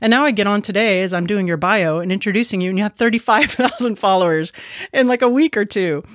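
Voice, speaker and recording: A woman's voice: medium pitch, fast, dry recording, clean studio sound. A woman co-hosting a podcast, chatting casually and enthusiastically and giggling easily. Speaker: podcast co-host.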